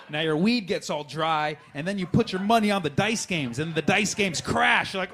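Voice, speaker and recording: Animated stand-up comic, slightly high voice. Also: male voice, moderate pace, hardly any pauses, slight background noise. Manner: animated storytelling with shouted character quotes; crowd work with the audience. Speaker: stand-up comedian. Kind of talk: stand-up comedy set. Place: comedy club stage.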